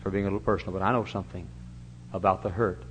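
An older man preaching a sermon in a church. He tells stories with big swings from loud to hushed. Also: deep voice, steady tone, racing. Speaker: pastor. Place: church sanctuary. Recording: dull, lo-fi church recording with faint hum.

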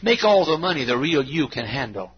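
A man in his late fifties preaching a sermon, folksy and storytelling, with a gravelly voice. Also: very animated, a little fast, lo-fi sound. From Texas. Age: 50s. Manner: folksy, acts out anecdotes with bursts of high imitation and laughter.

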